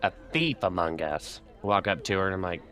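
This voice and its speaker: A man's voice: sits low, animated, fairly quick, a bit bright. A man playing a tabletop game, goofy and joking. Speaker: player.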